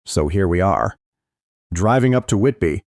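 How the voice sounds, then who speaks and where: A man's voice: sits low, animated, moderate pace, a little mellow, no room sound. A man narrating a first-person thriller audiobook in a dramatic, emotional reading, close to the mic.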